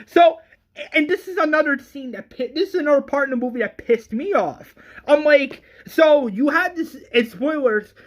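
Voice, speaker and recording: A movie reviewer ranting in an exasperated, excitable way, stumbling over restarts and swearing often. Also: high-pitched, normal speed.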